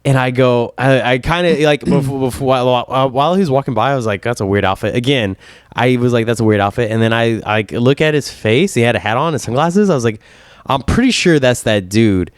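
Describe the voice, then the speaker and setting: A man on a casual podcast, telling a long story with lively swings and quoting himself in a higher voice. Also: brisk, smooth, dry recording, studio quality. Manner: animated storyteller, voice jumps up when quoting himself. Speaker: podcast co-host.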